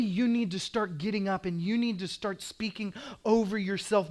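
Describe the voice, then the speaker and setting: High-voiced man preaching with passion. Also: moderate pace, hardly any pauses, darkish tone. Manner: passionate, emphatic preaching with repeated declarations. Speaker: pastor. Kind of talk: sermon.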